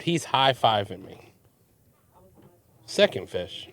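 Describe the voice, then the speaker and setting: A man's voice: mid-range voice, normal speed. A charter fishing captain, a man, telling a story in casual chat and acting out the voices of the people in it. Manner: animated, acts out quoted voices.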